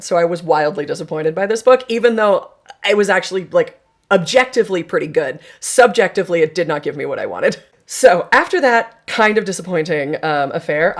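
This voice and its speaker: Casting note: young adult woman, book vlogger, casual frank chat, slightly low pitch. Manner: chatty, frank, frequent "like" fillers.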